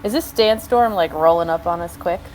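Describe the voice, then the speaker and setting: A woman's voice: on the low side, a little fast, darkish tone, slight background noise, rough recording. A woman playing in a tabletop game, playful and folksy in her word choices. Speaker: player. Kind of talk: casual tabletop play.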